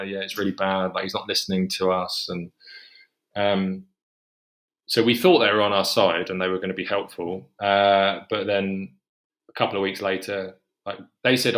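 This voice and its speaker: A man's voice: low-pitched, a bit bright. Man retelling a hard story. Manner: rambling, self-correcting, emotional retelling. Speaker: guest author. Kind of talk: candid personal storytelling.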